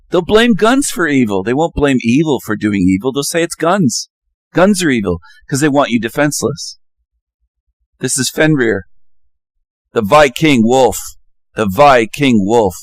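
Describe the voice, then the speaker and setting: A man's voice: mid-range voice, dry recording. A man talking casually as he shows images, ranting and repeating himself in sudden emphatic bursts. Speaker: channel host. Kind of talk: casual monologue over images.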